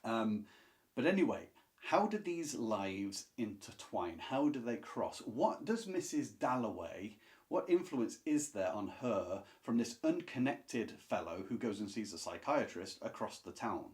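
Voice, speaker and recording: A man's voice: on the low side, very animated, a little slow. A man reviewing classic books to camera in a casual, enthusiastic, chatty way, with asides and restarts. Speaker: book reviewer.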